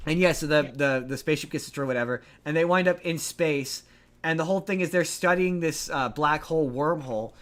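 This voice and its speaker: A man co-hosting a podcast, recapping a movie plot in a rambling, animated way with many restarts. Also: fairly high pitch. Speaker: podcast co-host. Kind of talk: casual movie recap chat.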